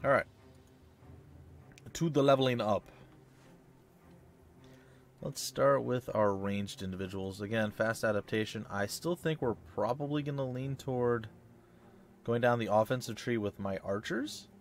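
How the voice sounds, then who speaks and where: A man hosting a let's play, giving chatty, excitable gameplay commentary that reacts loudly to hits and misses. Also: mid-range voice, measured pace, long pauses, a little hiss or hum.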